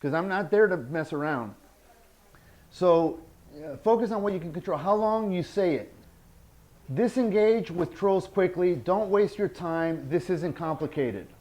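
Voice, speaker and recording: A man's voice: high-pitched, unhurried, darkish tone. A man teaching a workshop, blunt and emphatic, repeating his key points. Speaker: workshop instructor.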